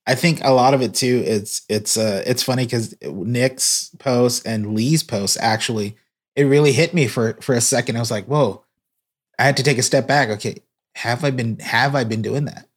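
A man's voice: mid-range voice, moderate pace, husky. A man, a guest on a podcast, telling an earnest story about his work in church broadcasting. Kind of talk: casual podcast conversation.

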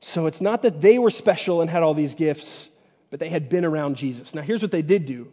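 High-voiced preacher in an echoing hall. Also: male voice, expressive, fairly quick, slightly rough. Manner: casual, conversational preaching with acted-out paraphrased dialogue. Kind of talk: sermon. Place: church stage. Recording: dull sound with long hall reverb.

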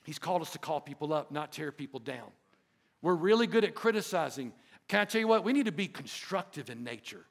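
A male pastor delivers an emphatic sermon in his church, throwing call-and-response asides to the congregation. His voice sits high for a man, with a gravelly, fry-laden edge. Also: animated, a little fast. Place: church sanctuary.

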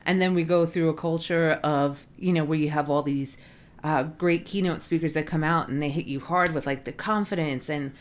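A woman's voice: deep voice, normal speed, slight background noise. A woman in casual conversation, talking earnestly with lots of "like" and "you know". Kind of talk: casual podcast chat.

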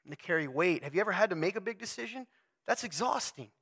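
Bright-voiced man preaching casually. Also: high-pitched, fast, creaky, husky. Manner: animated, jokey, direct address to audience. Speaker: speaker at a men's talk. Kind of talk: conversational sermon.

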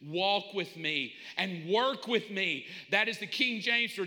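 Bright-voiced emphatic preacher in a hall. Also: male voice, sits high, lively intonation, slow, few pauses. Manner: emphatic, swings between shouting and hushed asides. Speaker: pastor. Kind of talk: sermon. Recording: long hall reverb.

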